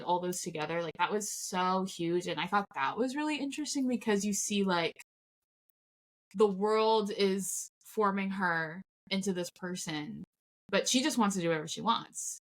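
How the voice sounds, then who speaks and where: A woman's voice: medium pitch, a bit bright. A woman co-hosting a film review podcast in casual chat, laughing often and acting out lines from the film. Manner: chatty, laughs often, acts out quotes. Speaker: podcast co-host.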